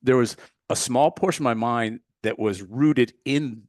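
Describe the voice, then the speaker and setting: A man's voice: mid-range voice, unhurried, dry recording, clean studio sound. A man who teaches meditation, a podcast guest telling an earnest personal story in casual talk and searching for the right words.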